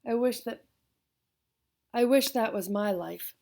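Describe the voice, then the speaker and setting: A woman's voice: a little high, slow pace, gravelly, warm tone. A woman voicing a frustrated, plainspoken young boy from a poor family in an audiobook.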